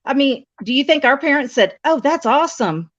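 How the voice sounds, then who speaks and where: A woman's voice: sits high, lively intonation, brisk, a bit bright. Chatty woman on lo-fi audio. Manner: rambling, restarts often. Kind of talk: casual chat. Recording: dull lo-fi audio.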